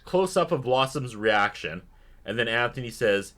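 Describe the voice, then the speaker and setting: A man co-hosting a podcast, chatting casually about a sitcom episode, animated and quick to laugh. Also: medium pitch. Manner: animated, laughs often, jumps into exaggerated voices when quoting. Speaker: podcast co-host.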